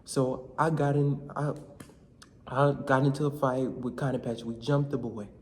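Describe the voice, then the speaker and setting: A man's voice: medium pitch, measured pace, slight background noise. Slangy young man telling a story. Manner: animated, slangy, shouts in quoted lines. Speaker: vlogger. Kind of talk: comedic storytelling vlog.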